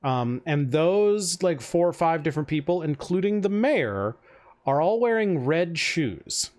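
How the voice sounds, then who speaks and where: A man's voice: fairly high pitch, big pitch swings, measured pace, darkish tone. A man running a tabletop game as game master, describing scenes in rambling, filler-heavy speech.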